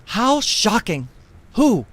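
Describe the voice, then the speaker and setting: A woman's voice: medium pitch, sing-song, very slow, no room sound, exaggerated voice. An actress playing a pompous, lecturing older female talk show host in a game. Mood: indignant. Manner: haughty, lecturing, scolding.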